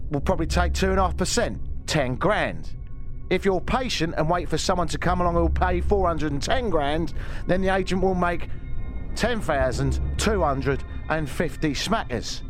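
A man's voice: fairly high pitch, close to an everyday voice. A man doing a menacing Cockney gangster. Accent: East End London. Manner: slow, threatening growl.

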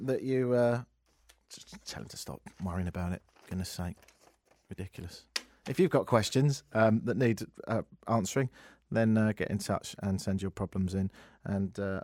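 A middle-aged radio host in casual talk, dry and self-mocking, with a rambling delivery. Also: male voice, mid-range voice, dry recording. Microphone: studio mic.

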